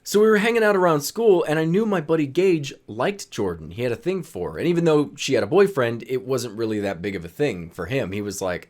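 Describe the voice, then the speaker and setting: A young man tells his high school stories in a loose, chatty way, his pitch swinging up and down as he gets into it. He acts out his friends' lines and laughs along. His voice sits at an ordinary middle pitch. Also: animated, a little fast, hardly any pauses. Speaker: storyteller vlogger. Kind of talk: casual storytelling.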